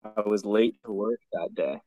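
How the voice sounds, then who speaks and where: Lowish young man, rambling frustrated storyteller, dry sound. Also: normal speed, mellow, no echo, highs cut off. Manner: exasperated, swears a lot, rambling with restarts. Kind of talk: casual storytelling chat.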